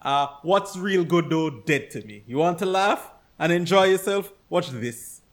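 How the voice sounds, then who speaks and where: Animated swearing man ranting about a movie. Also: on the high side, unhurried. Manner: animated, exasperated, swearing, acts out reactions. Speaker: podcast co-host. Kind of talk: casual chat, movie review rant.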